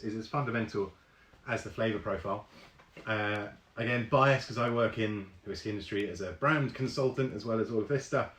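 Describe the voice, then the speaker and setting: A man's voice: mid-range voice, fairly bright tone, echoey room. A man hosting a live online whisky tasting, chatting casually with many ums and reading viewer comments aloud.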